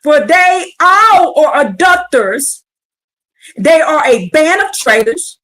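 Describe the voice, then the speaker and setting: A woman with a high, bright-pitched voice reads scripture on a livestream. She breaks into blunt, fiery, profane commentary and presses her listeners with pleading rhetorical questions. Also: sing-song, slow pace. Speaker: scripture teacher. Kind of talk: livestreamed Bible reading with commentary.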